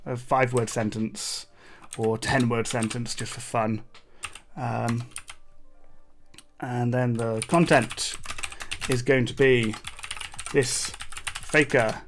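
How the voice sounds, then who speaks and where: A man from Britain narrates his coding session on a live stream, musing aloud and drifting into asides with viewers. His voice sits at an ordinary middle pitch. Keyboard clicks and a faint hiss run underneath. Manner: thinks aloud, rambling with fillers and asides to chat. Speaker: livestream coding host. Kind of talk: casual live coding commentary. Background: keyboard typing.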